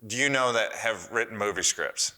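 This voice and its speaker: A man in his fifties with a bright, forceful voice tells a story on a podcast. He is animated and excitable, and he acts out the other people's words as he goes. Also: fairly low pitch, normal speed. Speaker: guest, former wrestler and strength coach.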